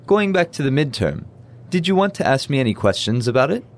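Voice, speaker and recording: A man voicing a friendly university professor in a scripted dialogue for a language lesson. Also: medium pitch. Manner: relaxed, friendly, reads lines then slowly repeats them.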